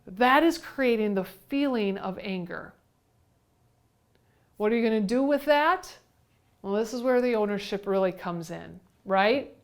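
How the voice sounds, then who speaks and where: A woman's voice: medium pitch, animated, a little slow, pauses often. A woman giving a conversational coaching talk, repeating key phrases and asking her listeners questions. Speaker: leadership coach and podcast host.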